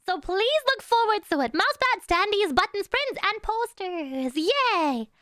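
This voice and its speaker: A woman's voice: very high voice, animated, a little slow, fairly bright tone, dry recording, clean studio sound. A woman live-streaming in casual chat, greeting and thanking viewers one by one and humming little nonsense syllables between sentences.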